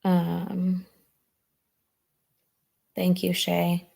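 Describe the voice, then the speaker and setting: A woman's voice: fairly low pitch, completely flat delivery, very slow, vocal fry. Chatty woman hosting a livestream. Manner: chatty, warm toward chat, says "y'all" often. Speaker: true crime livestream host. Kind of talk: casual livestream chat with viewers.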